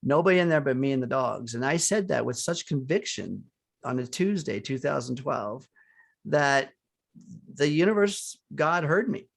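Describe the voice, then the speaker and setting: A gravelly, animated man with a medium-pitched voice speaks at a moderate pace as co-host of a live online spiritual coaching session. Earnest and motivational, he talks about surrender and centering on joy, chuckling and restarting along the way.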